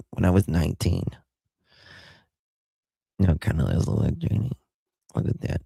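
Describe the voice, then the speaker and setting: Husky and warm with vocal fry, a low-voiced American livestream host speaks a little slowly but animatedly, pausing often, with no echo on the audio. He casually reads viewer comments, thanks people by name, laughs a lot, and comes across as affectionate.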